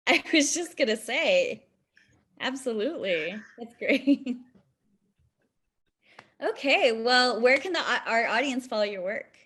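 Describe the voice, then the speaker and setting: A woman hosting a festival interview over a video call, warm and giggly, often laughing through her lines. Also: on the high side, lively intonation, slow pace, long pauses, husky. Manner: giggly, keeps breaking into laughter. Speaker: festival staff host.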